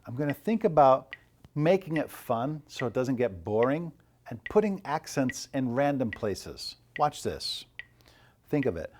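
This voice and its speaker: A man teaching an online percussion lesson, calmly coaching and counting rhythms aloud. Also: mid-range voice, measured pace, background noise.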